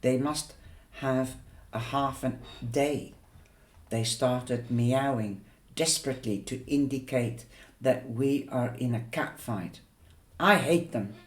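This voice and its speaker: Guy reading a book out loud, slow and steady, roomy echo. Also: medium pitch. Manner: unhurried, plain reading with occasional stumbles. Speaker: book reader. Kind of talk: reading a novel aloud.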